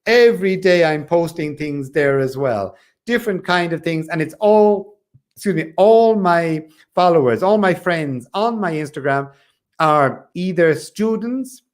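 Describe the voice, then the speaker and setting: Teacher guy chatting to followers, higher voice, mixes in portuguese bits. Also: animated, unhurried. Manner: switches between English and Portuguese. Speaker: English teacher. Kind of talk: casual chat to followers.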